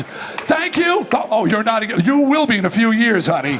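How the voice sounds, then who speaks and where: A middle-aged man giving a comedic, profane keynote and telling a story with lively energy. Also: sits high, moderate pace, background noise. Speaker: keynote speaker. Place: large event venue.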